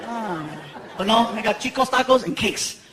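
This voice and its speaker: A man performing a stand-up comedy set in a theater, telling animated stories and acting out other people's voices for laughs. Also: high voice, moderate pace, a loud crowd, heavy background noise. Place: large theater stage before a live audience. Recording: live theater with loud audience laughter and room echo.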